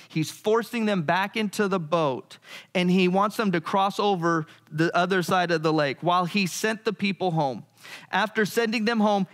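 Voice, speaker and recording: A man preaching with a fairly high voice. He tells the story with animated energy and lifts his pitch when he quotes other people. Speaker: pastor. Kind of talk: sermon.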